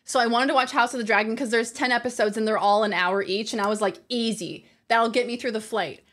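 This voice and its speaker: A woman streamer talks casually with her audience and reads their messages aloud. Her voice sits slightly high, and she breaks into laughter often. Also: steady tone, fast talker, fairly bright tone. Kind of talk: casual chat with viewers.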